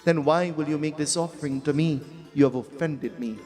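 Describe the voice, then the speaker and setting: A man with a Trinidadian accent voicing a revered old male sage who blesses and rebukes, lower than his own telling voice. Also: a little fast, darkish tone, close to an everyday voice. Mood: stern. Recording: echoey hall with faint music.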